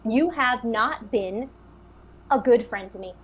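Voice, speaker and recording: A woman's voice: fairly high pitch, animated, slow pace, breathy edge, heavily acted. A woman playing a blunt confrontational businesswoman. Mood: accusing. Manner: blunt, accusing, talks over others. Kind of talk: comic improvised reenactment.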